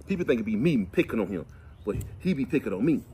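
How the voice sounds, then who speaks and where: A middle-aged man, chatting and telling folksy, animated stories to the camera outdoors while cleaning fish. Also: mid-range voice, fast talker, slight background noise. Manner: folksy, animated, preachy asides. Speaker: vlog host. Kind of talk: casual storytelling chat.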